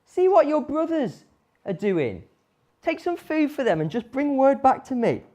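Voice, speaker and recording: A woman voicing a hurried father who sends his son off with food. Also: high voice, sing-song, dark tone, pitched above the performer's own voice. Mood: brisk. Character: busy, hurried father of many sons.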